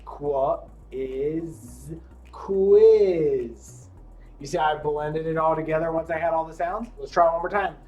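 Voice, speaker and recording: A man teaching young children to read, encouraging them as he sounds out letters slowly and deliberately. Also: a little high, a little mellow, faint music behind. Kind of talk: classroom lesson for young children.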